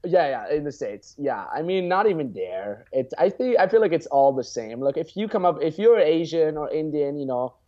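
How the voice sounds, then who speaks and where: A young man in his twenties speaks as a guest coach, his voice sitting a bit high for a man. He talks bluntly and swears freely. The sound comes through slightly dull and lo-fi. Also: sing-song, moderate pace, hardly any pauses. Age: 20s. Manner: blunt and profane, freely acts out example lines. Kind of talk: casual podcast chat.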